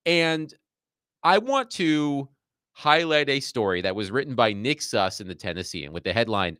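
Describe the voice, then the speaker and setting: Sports radio host, male, animated and nerdy, lively pitch, dry close mic. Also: normal speed, clear, resonant tone, no room sound. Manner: animated, self-described nerd who enjoys digging into numbers.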